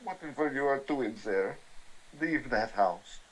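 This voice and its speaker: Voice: mid-range voice, lively intonation, a little slow, natural voice, low-quality recording. A performer voicing an elderly grieving mother with a French accent, living in a mental home, who pleads and repeats herself in a horror tabletop game. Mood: haunted. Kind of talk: horror tabletop role-play.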